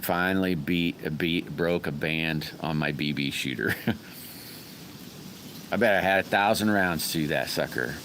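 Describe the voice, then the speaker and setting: A man's voice: low-pitched, takes it slowly, a bit bright, slight background noise. A middle-aged man hosting a casual live stream, rambling in a folksy way and greeting viewers by name. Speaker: livestream host.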